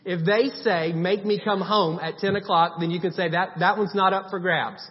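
With a high-pitched voice, fairly even intonation and a moderate pace, a man delivers a sermon. He's a pastor who preaches in a conversational way, stressing points through emphatic repetition of short commands. A long hall reverb makes the recording sound dull.

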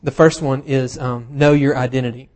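Male preacher, mid-pitched, chatty sermon delivery, dry self-deprecating humor, lots of ums. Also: steady tone, normal speed, a little mellow. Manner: casual and self-deprecating, with humorous asides and frequent fillers. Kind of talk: conversational sermon.

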